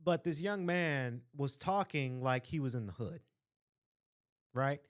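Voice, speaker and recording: A man's voice: medium pitch, slow pace. A man hosting a casual solo podcast, speaking earnestly and with strong opinions, repeating phrases for stress and often asking "right?". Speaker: podcast host.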